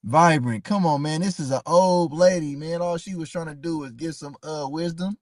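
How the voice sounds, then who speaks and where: A man's voice: on the high side, normal speed, few pauses, darkish tone, no room sound, clean studio sound. A man hosting a live stream, talking casually and passionately to his chat, calling viewers by name and repeating himself.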